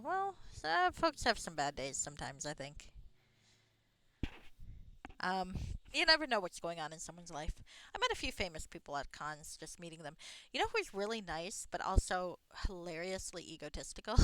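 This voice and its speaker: A woman streamer chats casually while playing, rambling from one thought to the next and swearing freely. Her voice is animated and lively, with plenty of laughter mixed in. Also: medium pitch, normal speed. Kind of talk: casual gameplay chat.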